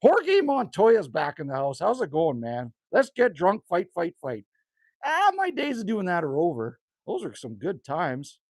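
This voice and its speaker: A man's voice: high voice, wildly swooping pitch, normal speed, few pauses, dry recording, clean studio sound. Chatty older Canadian man on a livestream. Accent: Canadian, with bits of Newfoundland. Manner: chatty, reads out viewer names and answers them. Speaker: livestream host. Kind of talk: casual livestream chat with viewers. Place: cabin woodshed.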